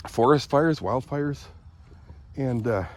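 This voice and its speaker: An older man vlogging outdoors by the woods on a phone camera, rambling as he thinks aloud, often clearing his throat and a bit out of breath. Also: medium pitch, slow pace. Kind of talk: casual morning vlog, thinking aloud outdoors.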